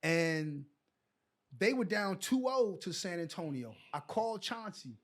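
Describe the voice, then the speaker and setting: High-voiced man telling stories casually. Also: measured pace. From New York. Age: middle-aged. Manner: colloquial, animated storyteller who acts out dialogue. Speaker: podcast guest, former pro basketball player. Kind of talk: casual storytelling interview.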